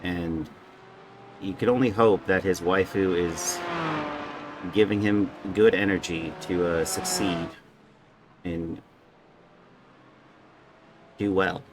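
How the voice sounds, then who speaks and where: A man's voice: deep voice, steady tone, slow, long pauses, noisy background. A young man giving casual, joking live commentary on a sim race and stumbling over drivers' names.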